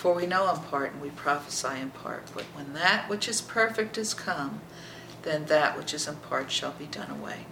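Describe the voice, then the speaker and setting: Bible teacher explaining scripture verse by verse, gravelly and often hushed, recorded in an echoey room with noise behind. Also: medium pitch, moderate pace. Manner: reads scripture aloud, then explains it verse by verse; checks in with listeners by asking "okay?".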